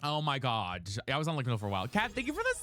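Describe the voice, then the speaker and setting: A man's voice: fairly high pitch, wildly swooping pitch, racing, sharp tone, dry recording, clean studio sound. A young man streaming and chatting casually, rambling and retelling a conversation line by line. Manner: rambling, retells others' words with "she's like". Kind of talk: casual chat while gaming.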